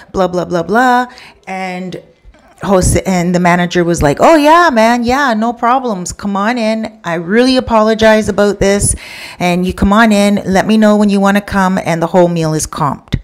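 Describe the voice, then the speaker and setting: A woman casually telling a true story, acting out everyone's lines with sudden jumps in pitch and chatty asides to the listener. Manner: retells with quoted dialogue, voicing each person with pitch jumps.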